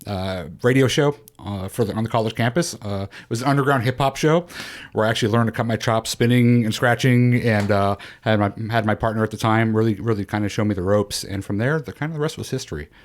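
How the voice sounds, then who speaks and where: A middle-aged man as a podcast guest, telling his life story in an animated way with many fillers and restarts. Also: on the low side, quick pace. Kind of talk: casual interview storytelling.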